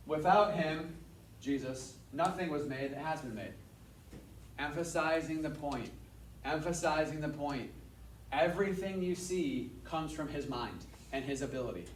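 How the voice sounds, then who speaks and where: A man giving a casual Bible lesson to a class, energetic and repeating his points for emphasis. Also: on the high side, slight background noise. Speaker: Bible teacher. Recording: echoey room, mic at a distance.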